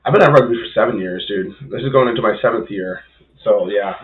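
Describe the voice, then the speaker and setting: A man's voice: on the low side, fast talker, narrow, tinny audio, a little hiss or hum. Young man telling a rugby injury story. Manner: casual storytelling, heavy swearing and fillers. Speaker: podcast co-host, rugby player. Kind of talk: casual chat.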